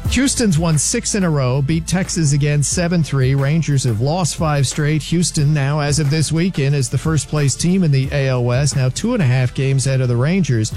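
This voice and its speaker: A man with a slightly high voice reads a sports news update in a brisk, fact-by-fact manner. He moves steadily through scores and stats, and faint music plays underneath him. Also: darkish tone.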